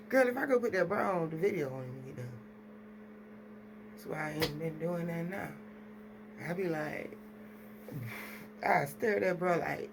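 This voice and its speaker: A woman chats to her viewers, rambling loosely from one thought to the next. Her voice has a gravelly fry. The home recording carries clear background noise. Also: lowish voice, animated, normal speed, pauses often. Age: adult with children. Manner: rambling, chatty, talks straight to viewers. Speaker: vlogger. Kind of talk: casual chat to camera.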